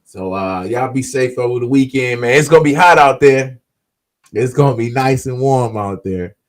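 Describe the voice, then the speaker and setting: A man's voice: medium pitch, moderate pace. A man hosting a casual podcast, talking in a laid-back, slangy way and answering people in the comments. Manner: closes with an upbeat pep talk. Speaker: podcast host. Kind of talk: casual talk to viewers.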